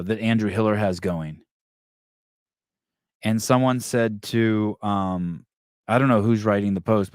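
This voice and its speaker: A man's voice: on the low side, no echo, studio quality. A man hosting a podcast in casual chat, reading live comments and ranting in a rambling, profane way with many restarts. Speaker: podcast host.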